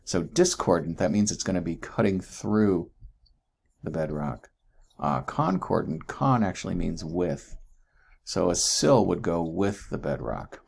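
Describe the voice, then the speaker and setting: A man's voice: low-pitched, very animated, measured pace, creaky, a little mellow, breathy edge. A man teaching geology in a chatty recorded lecture, often asking "right?" and correcting himself as he goes.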